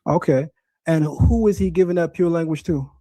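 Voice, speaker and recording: A man's voice: a little high, moderate pace, mellow, dry recording. A man hosting a live stream, teaching Hebrew and debating a caller, emphatic and insistent, repeating points to drive them home.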